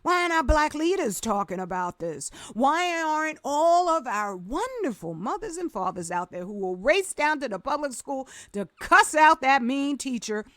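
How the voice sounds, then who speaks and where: A woman with a high voice delivers an impassioned vlog rant, emphatic and sarcastic by turns. The sound is close and dry, with no room around her. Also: big pitch swings, moderate pace, few pauses, a bit bright, no echo. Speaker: vlogger.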